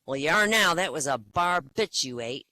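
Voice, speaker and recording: A man's voice: fairly high pitch, lively intonation, normal speed, background noise. Man playing a stubborn bartender, firm, emphatic, raised voice. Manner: firm, rising emphatic insistence. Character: stubborn male bartender refusing service.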